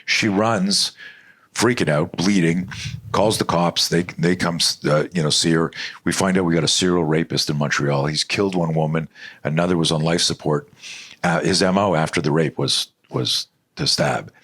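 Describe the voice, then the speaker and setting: A middle-aged man from Canada, a self-defense instructor guesting on a podcast, telling a story in an animated, blunt way and swearing freely. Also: low voice, normal speed, slightly rough. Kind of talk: storytelling in a conversational interview.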